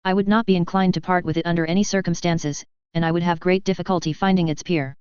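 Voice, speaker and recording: A woman's voice: lowish voice, fairly even intonation, fast talker, darkish tone, smooth, dry recording, lo-fi sound, lightly acted. A woman reading a posh, proper hamster lady. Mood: poised. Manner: posh, formal phrasing. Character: posh, polite female hamster seamstress.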